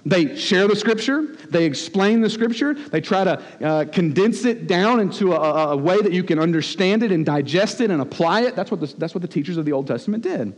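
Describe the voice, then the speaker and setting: A man preaching a sermon as pastor, telling a story with animated, acted-out rebukes. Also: sits high, a little fast, few pauses. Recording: long hall reverb.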